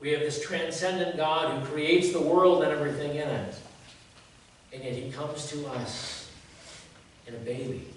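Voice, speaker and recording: Folksy pastor preaching in an echoey church. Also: male voice, on the high side, steady tone, normal speed. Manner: folksy, joking, asks the congregation rhetorical questions. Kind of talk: conversational sermon. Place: church sanctuary. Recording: very echoey church from a distance, faint noise.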